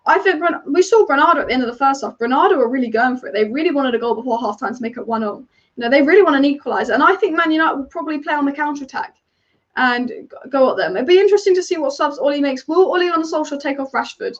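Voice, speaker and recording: On a muffled recording, a high-pitched woman hosts a live football watch-along stream. She's chatty and opinionated, reacting quickly to the game and reading comments from viewers on her fan channel.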